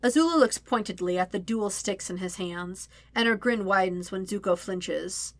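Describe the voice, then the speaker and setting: A woman reading a story aloud as narrator, with steady, even storytelling. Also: mid-range voice, normal speed, dry recording. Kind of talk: audiobook-style fan fiction reading.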